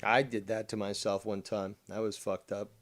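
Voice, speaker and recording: A man's voice: on the low side, little pitch movement, normal speed. A man hosting a casual livestream, reading the chat and talking in a mock-formal way, with some swearing. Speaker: livestream host.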